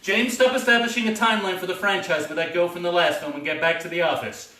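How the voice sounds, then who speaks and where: A man voicing a brisk, stern male spy chief in a clipped, scolding manner. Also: high-pitched, fairly even intonation, pushed and bright. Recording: echoey room, far-off mic.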